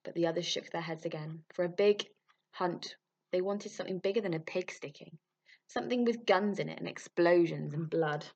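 A woman reading a storybook aloud with lively expression. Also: lowish voice, moderate pace, husky. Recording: muffled lo-fi recording.

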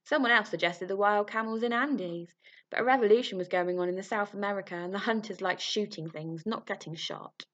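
A woman reading a storybook aloud with lively expression. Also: mid-range voice, a little fast. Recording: muffled lo-fi recording.

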